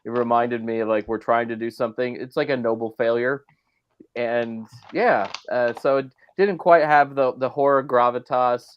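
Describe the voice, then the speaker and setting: A man's voice: medium pitch, fairly even intonation, moderate pace, smooth, lo-fi sound. A man co-hosting a casual film discussion podcast, talking in a wry, critical, conversational way. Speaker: podcast co-host.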